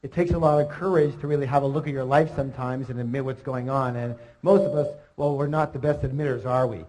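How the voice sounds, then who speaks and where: A man giving an energetic motivational seminar talk, calling out questions to the audience. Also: mid-range voice, fast talker, poor audio. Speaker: seminar speaker.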